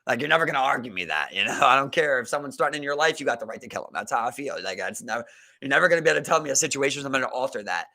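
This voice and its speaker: A man's voice: medium pitch, lively intonation, rapid-fire, sharp tone. A young man co-hosting a podcast, telling a profane story in casual chat and leaning heavily on "like" and "bro.". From Maryland. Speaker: podcast co-host.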